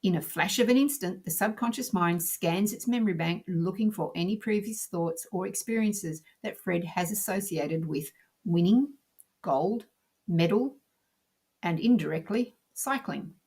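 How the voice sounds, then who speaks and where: Calm husky woman narrating a lesson. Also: fairly low pitch, unhurried. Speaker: teacher. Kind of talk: scripted narration.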